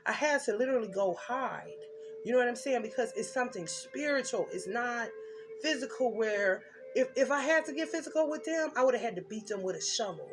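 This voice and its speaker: Gravelly-voiced woman giving a tarot reading. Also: a little high, lively intonation, fairly quick, music in the background. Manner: intense, emphatic storytelling with blunt slang. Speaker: tarot reader.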